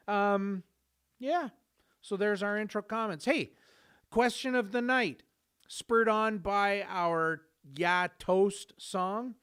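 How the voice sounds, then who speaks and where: A man in his forties hosts a casual podcast in a relaxed, joking way. His voice is smooth and resonant and sits a little high for a man. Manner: jokey, easygoing, with fillers. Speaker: podcast host.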